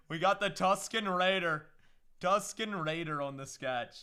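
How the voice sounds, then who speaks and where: Young male pack-opening streamer, hyped and slangy, slow delivery, bright voice. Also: high-pitched, clean tone. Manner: hyped, slangy, talks to chat. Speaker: livestream host opening card packs. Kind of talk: casual livestream chat.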